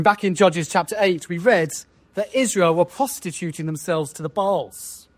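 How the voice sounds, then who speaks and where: A man preaching a sermon, leading his listeners through the text and asking them questions as he goes. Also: sits high. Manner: rhetorical, asks the listeners questions.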